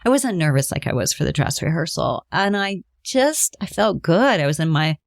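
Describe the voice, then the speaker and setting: A woman's voice: low-pitched, very animated, moderate pace, no room sound, studio quality. A middle-aged woman hosting a podcast, telling a candid, emotional personal story with many fillers and asides. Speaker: podcast host.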